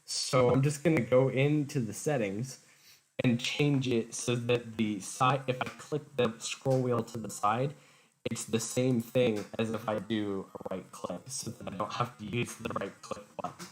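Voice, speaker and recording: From a room at home, a man streams and chats casually in a mid-range, steady voice at a measured pace, joking sarcastically at his own expense. A faulty desk microphone makes his voice garbled and robotic, and the recording is noisy and glitchy.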